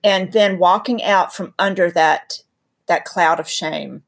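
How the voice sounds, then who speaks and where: A woman's voice: fairly low pitch, slow, gravelly. A woman from North Carolina with a Southern accent, a guest teaching about faith in an emphatic, storytelling, preacherly way. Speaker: guest speaker. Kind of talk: earnest faith teaching in conversation.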